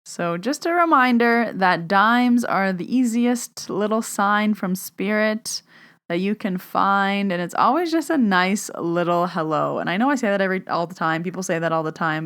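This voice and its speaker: A woman's voice: mid-range voice, lively intonation, a little slow, fairly bright tone, clean tone. A young woman hosting her own podcast, chatting casually and telling stories, often saying "like" and acting out the dialogue. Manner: chatty storyteller, acts out dialogue, says "like" often. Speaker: podcast host and medium. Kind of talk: casual solo podcast chat. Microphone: podcast microphone.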